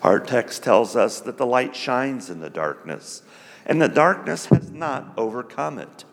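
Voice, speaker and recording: Male preacher, measured sermon delivery with animated pitch, reverberant church sound. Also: creaky. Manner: slow, emphatic, lively pitch.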